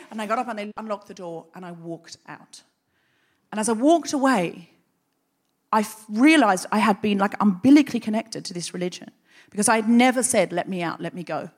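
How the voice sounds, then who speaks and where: A woman host telling a comic story live on stage into a microphone, brisk and wry, with dry asides. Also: medium pitch. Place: live stage before an audience.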